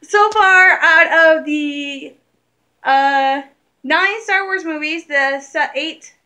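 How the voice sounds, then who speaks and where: A young woman from Michigan chatting casually in a vlog, excitable and rambling, laughing often. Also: high voice, extremely slow, pauses often. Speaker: vlogger. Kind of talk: casual chat.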